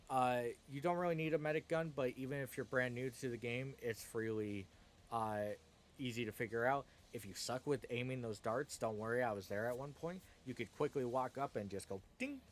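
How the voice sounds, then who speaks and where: A man talks through a game tier list in a relaxed, conversational way at a mid-range pitch, speaking into a desk microphone. He pads his points with "uh" and "um" as he goes. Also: moderate pace, slight background noise. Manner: conversational, frequent "uh" and "um" fillers. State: hiccuping. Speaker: gaming video host. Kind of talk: casual spoken tier list commentary.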